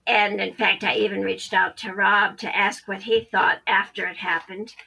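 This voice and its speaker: A woman's voice: mid-range voice, little pitch movement, normal speed, vocal fry, bright, forceful tone, husky, rough recording. A woman psychic medium, a podcast guest, telling a story animatedly and acting out the quoted dialogue.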